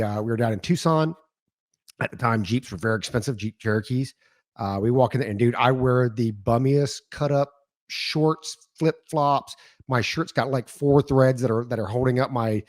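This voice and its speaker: Male podcast co-host, lively storyteller, mid-pitched, dry close sound. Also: no room sound. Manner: animated storyteller who acts out voices. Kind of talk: casual podcast conversation.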